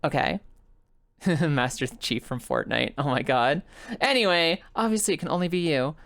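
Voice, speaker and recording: A woman's voice: deep voice, moderate pace, creaky. A woman streaming a game live, chatting with viewers, laughing often and swearing freely. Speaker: VTuber streamer. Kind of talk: live gameplay commentary with chat.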